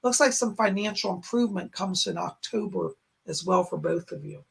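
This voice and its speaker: A man hosting a psychic live stream in a raspy, strained voice, relaying spirit messages in short, halting phrases. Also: sits high, fairly bright tone. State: strained, hoarse voice. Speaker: psychic medium host. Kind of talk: live-stream chat and readings. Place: home in a rural area.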